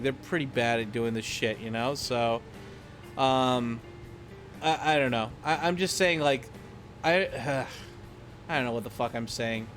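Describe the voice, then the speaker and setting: A man's voice: mid-range voice, fairly bright tone. A young man from the United States vlogging in a rambling, profane, irreverent way, full of fillers. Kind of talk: casual rambling commentary.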